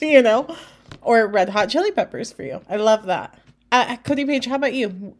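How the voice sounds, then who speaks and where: A woman co-hosting a podcast, chatting casually. Her voice sits a little high and she speaks loudly, with excited energy. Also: normal speed. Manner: loud, excited, laughing. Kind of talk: casual chat.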